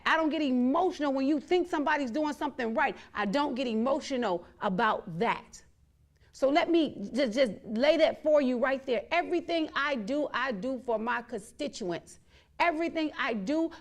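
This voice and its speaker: A woman hosting her own show, speaking in a blunt, defiant monologue full of repeated, emphatic declarations. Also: sits high. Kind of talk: outspoken monologue to viewers.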